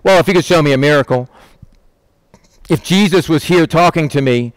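A man preaching a sermon, lively and conversational, often asking "right?" and acting out quoted lines in changing voices. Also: a little high, a little slow, no echo.

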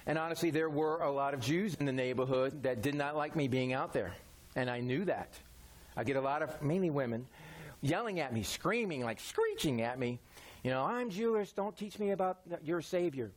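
A man preaching a sermon in a folksy, conversational way, using everyday examples. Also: a little high. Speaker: pastor.

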